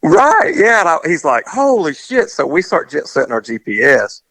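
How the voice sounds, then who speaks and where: Man spinning a lively yarn. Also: mid-range voice, brisk, no echo. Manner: animated, acts out the dialogue in his story. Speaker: guest telling a story. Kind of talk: casual storytelling chat.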